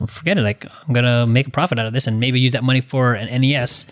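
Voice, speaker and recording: Rambling, excitable man in casual chat. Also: medium pitch, quick pace. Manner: rambling, excitable storyteller with many fillers and restarts.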